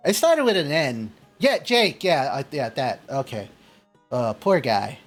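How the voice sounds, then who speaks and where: A man's voice: mid-range voice, very animated, unhurried, faint music behind. Man, game master, rambling narration, casual tabletop storytelling. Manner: rambling, full of fillers and restarts.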